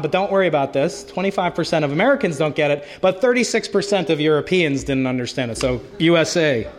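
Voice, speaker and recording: A middle-aged man, an astrophysicist, giving a public science lecture, animated and joking with frequent restarts. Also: fairly high pitch. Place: lecture hall. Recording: long reverb of a lecture hall.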